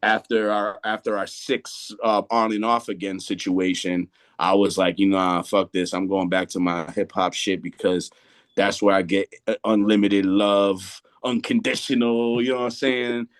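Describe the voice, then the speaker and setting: A man with a low voice, a hip-hop artist from Massachusetts. He is a guest on a radio show and tells stories loosely, full of slang and restarts. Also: flat delivery, normal speed. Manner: storytelling with slang, many restarts. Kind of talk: casual interview chat.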